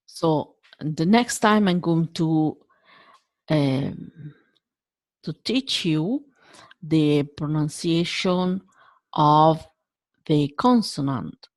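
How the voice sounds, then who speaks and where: A woman with an Italian accent teaching pronunciation, saying vowels slowly and carefully to demonstrate each sound. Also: low voice, a little mellow, no room sound. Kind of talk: language lesson.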